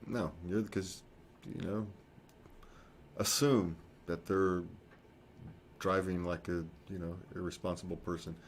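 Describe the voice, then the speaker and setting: A man's voice: sits low, steady tone, takes it slowly, pauses often, slight background noise. A man co-hosting a casual talk show, rambling and correcting himself, chuckling often. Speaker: podcast co-host. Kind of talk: casual chat.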